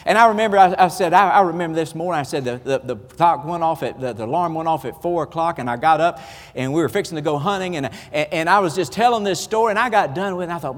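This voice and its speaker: A man's voice: fairly high pitch, fast talker, in a large hall. A man with a Southern US accent preaching a sermon, telling folksy, self-deprecating stories with humor. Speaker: pastor.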